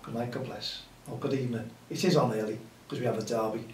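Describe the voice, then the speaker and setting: A man hosting a grassroots football show, talking casually in a rambling, folksy way with a Merseyside accent and a voice that is going hoarse. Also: medium pitch, steady tone, quick pace, slight background noise. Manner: rambling, folksy, repeats himself. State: hoarse, losing his voice. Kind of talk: casual chatty show talk. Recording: echoey room, mic at a distance.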